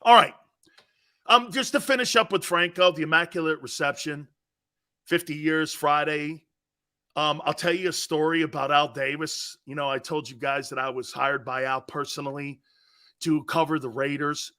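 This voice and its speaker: Sports show host guy, bright forceful voice, kinda high, rambling stories and reading comments. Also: moderate pace. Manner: energetic, chatty, reads viewer comments aloud. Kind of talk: casual sports talk and storytelling.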